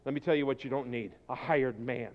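A man preaching a sermon as pastor, swinging from quiet, intense passages to shouted exhortation. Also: medium pitch, a little fast, dull audio. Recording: long hall reverb.

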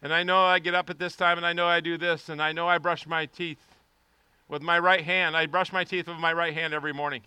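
A man preaching a sermon as pastor, passionately swinging between quiet, prayerful lines and loud, shouted appeals. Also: fairly high pitch, flat delivery, a little fast, clear, resonant tone, no room sound.

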